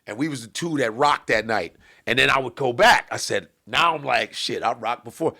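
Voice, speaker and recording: A man's voice: mid-range voice, moderate pace, vocal fry, sharp tone. A middle-aged man, a guest comedian, telling profane stories on a podcast and jumping into the voices of the people in them. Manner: profane, vivid, jumps into voices of people in his story. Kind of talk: animated storytelling on a podcast.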